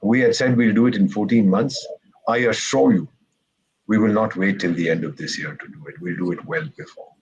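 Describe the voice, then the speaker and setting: A man's voice: on the low side, lively intonation, a little fast, darkish tone, slightly rough, dull audio. A man from India, a retired ambassador on a discussion panel, telling stories with sarcasm and acting out quoted remarks. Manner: wry, sarcastic storyteller who acts out quotes. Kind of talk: lively panel talk with jokes and quoted asides.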